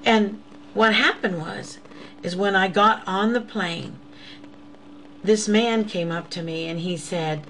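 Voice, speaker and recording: A woman's voice: medium pitch, slow, fairly bright tone, slight background noise, low-quality recording. A woman giving a personal faith testimony, earnest and intimate, often sinking to a whisper and calling listeners "beloveds.". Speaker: host of an inspirational show.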